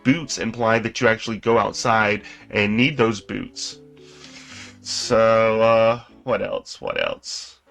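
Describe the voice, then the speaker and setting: A man on a casual stream, talking slowly and mockingly as he reacts to clips. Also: on the low side, fairly even intonation, a bit bright, faint music behind. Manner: slow, mocking delivery, often reading aloud dramatically. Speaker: co-host reacting to videos.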